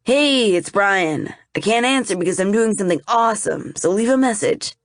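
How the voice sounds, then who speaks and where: A breezy, clingy young boyfriend, as a female audiobook narrator puts him on, quick and eager. The storybook read is dry and close. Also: medium pitch, lively intonation, no room sound, pitched above the performer's own voice, lightly acted.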